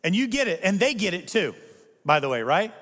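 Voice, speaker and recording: A man's voice: sits high, big pitch swings, fairly quick, fairly bright tone, big-room sound. A male pastor preaching a sermon with emphatic delivery, firing rhetorical questions at the congregation.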